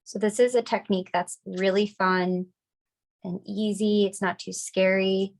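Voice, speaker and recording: A young woman with a cold leads a casual step-by-step decorating lesson. Her mid-pitched voice carries a gravelly fry, and she keeps an easy, chatty, upbeat tone. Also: fairly even intonation, a little slow. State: getting over a cold, coughing. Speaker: craft class instructor.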